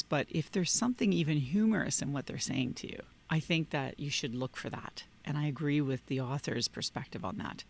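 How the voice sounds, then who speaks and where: A man's voice: medium pitch, gravelly. A man hosting a leadership channel, talking casually and encouragingly about handling your inner critic. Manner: earnest and encouraging, with casual restarts. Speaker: leadership coach and channel host. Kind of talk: casual talking-head book review.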